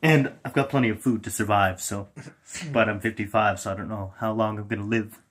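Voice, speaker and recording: A man improvising a comic story in a playful way, laughing and switching quickly between character voices. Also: lowish voice, steady tone, a bit bright.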